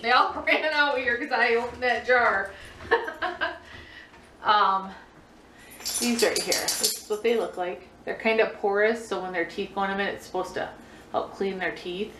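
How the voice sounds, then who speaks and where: A middle-aged woman vlogging at home and answering viewer questions in a casual, chatty way, laughing often and filling pauses with ums. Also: medium pitch, sharp tone, recorded from a distance, a little hiss or hum. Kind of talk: casual chat. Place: home room. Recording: roomy echo, voice a bit off-mic.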